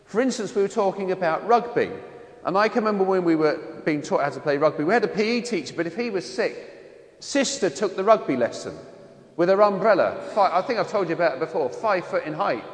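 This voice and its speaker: A priest from London with a London accent, reading the gospel and then preaching in a chatty storytelling way. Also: male voice, high voice, reverberant, in a large hall. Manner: chatty storytelling with voiced impressions.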